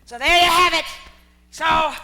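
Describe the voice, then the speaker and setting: A woman impersonating a fiery, rambling old storyteller, his speech pitched very high and piercingly bright. He talks slowly and deliberately, circling back on the same phrases and bursting into shouts to drive his point home. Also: heavily acted. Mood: impassioned. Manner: impassioned, repeats phrases, shouts for emphasis. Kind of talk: impression performed on stage.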